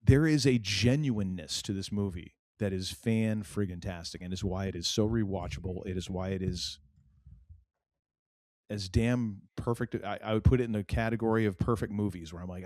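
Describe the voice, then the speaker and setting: A man's voice: on the low side, darkish tone, dry recording, clean studio sound. A middle-aged man from New England, co-hosting a podcast in casual, rambling chat full of fillers and restarts. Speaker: podcast co-host.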